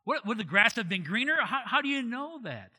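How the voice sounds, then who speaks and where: A middle-aged man from Ohio preaching a sermon as pastor, lively, asking questions and laughing at himself. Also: extremely high pitch, a little fast, slightly rough. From Ohio, USA.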